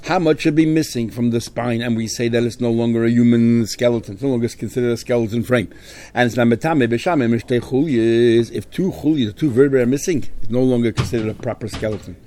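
A man at a middle pitch teaches a Talmud lesson. His voice is soft and mellow, never sharp. He explains each point step by step, mixing Aramaic and Hebrew terms into his English. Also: fast talker. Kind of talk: Talmud study lecture.

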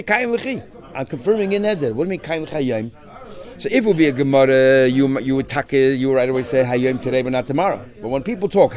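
A man teaching a Talmud class, talking through the text in an animated, questioning way and mixing in Hebrew terms. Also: mid-range voice.

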